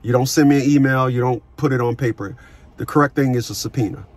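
A middle-aged man who coaches people on child support, talking forcefully on a call, cursing and repeating words as he starts sentences. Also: medium pitch, fast talker. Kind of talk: phone consultation with a caller.

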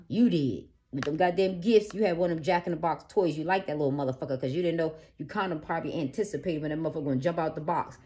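Low-voiced, profane woman reading tarot. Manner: profane, swings from low murmurs to loud ranting. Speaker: tarot reader. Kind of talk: casual tarot reading to camera.

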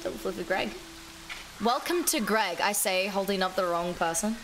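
A woman livestreaming a game, chatting casually with her viewers, excitable and swearing freely. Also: medium pitch, normal speed, heavy background noise. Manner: excitable, swears a lot, talks to chat. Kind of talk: casual gameplay livestream chat.

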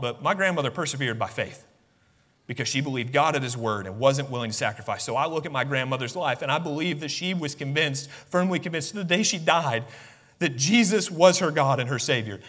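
A man's voice: mid-range voice, a bit bright, husky. A man preaching a sermon with passion, acting out the voices of biblical figures as he goes. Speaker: pastor. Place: church sanctuary. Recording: long church reverb.

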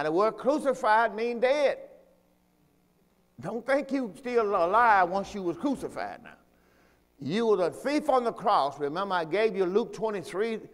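A man with a high, lifted voice leads a church sermon, pressing his points through repetition and emphasis. He calls the congregation to repeat phrases after him. His voice rings out with a long hall reverb around it. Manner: call-and-response preaching, asks congregation to repeat; repetitive, emphatic teaching delivery. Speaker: pastor.

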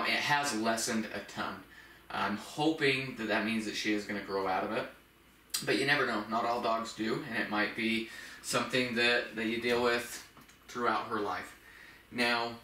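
A man explains puppy training in a relaxed, loosely instructional way, often restarting his sentences. His voice is bright and a little distant from the mic. The room around him is roomy and echoey. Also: on the low side, slight background noise. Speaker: dog trainer. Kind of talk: casual instructional talk.

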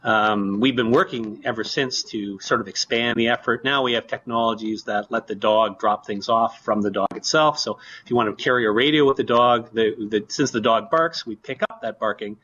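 A man's voice: mid-range voice, normal speed, few pauses, slightly rough. Guy explaining his lab work, laid back, lots of uhs, kinda muffled sound. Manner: relaxed, with many fillers. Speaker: researcher. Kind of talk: explaining his research in an interview.

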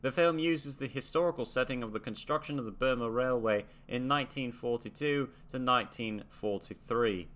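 Speaking at a moderate pace with few pauses, the young American host of a reaction video has a medium-pitched, slightly bright voice. He reads facts aloud casually and muses, trailing off as he goes.

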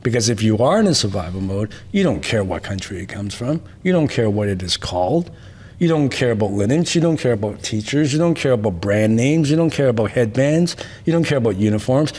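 A man's voice: mid-range voice, lively intonation, brisk, darkish tone. Emphatic man telling martial arts stories. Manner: emphatic, tags points with "right?"; repetitive rhetorical lists. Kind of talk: interview storytelling.

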